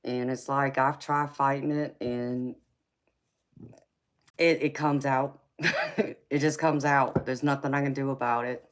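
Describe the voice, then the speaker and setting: A woman with a Southern US accent and a strikingly deep voice hosts a live tarot chat. She talks casually and answers her viewers one by one, laughing easily along the way. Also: little pitch movement, unhurried, pauses often. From California.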